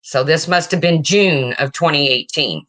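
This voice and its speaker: A woman's voice: sits low, moderate pace, fairly bright tone. A woman vlogger telling a personal story in a frank, emotional way, swearing casually and often checking in with "okay?".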